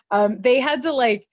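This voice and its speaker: A woman's voice: high-pitched, no room sound. A woman co-hosting a podcast, recapping an episode in casual, laughing, filler-heavy chat. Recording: dull lo-fi dry recording.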